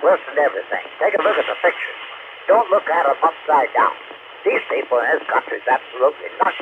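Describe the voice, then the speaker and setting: A man's voice: a little high, very animated, fast. A man chatting on an amateur radio channel, ranting bluntly and repeating himself. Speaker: ham radio operator. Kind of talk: on-air radio chat. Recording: noisy tinny radio receiver audio.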